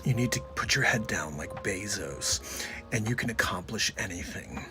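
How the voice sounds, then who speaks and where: A business tycoon dropped far down into a deep, slow, breathy drawl, as a man plays him for laughs. Every line is solemn and drawn out. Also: lively intonation, pushed and bright, faint music behind. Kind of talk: comedic impression.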